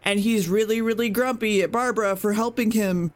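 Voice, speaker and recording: A woman's voice: mid-range voice, steady tone, fairly quick. A woman co-hosting a podcast, recapping an episode in a rambling, swearing, self-correcting way. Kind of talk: casual podcast chat.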